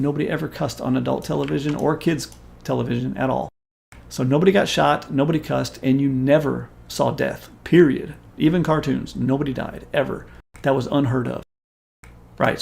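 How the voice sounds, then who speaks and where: A man in his forties, a stream host, telling a story in casual chat in an animated, profane and emphatic way. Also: medium pitch, gravelly.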